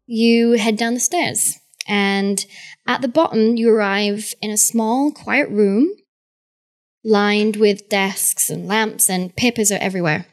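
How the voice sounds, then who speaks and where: A woman's voice: mid-range voice, slow. A woman narrating scenes as game master of a tabletop role-playing game, describing them steadily.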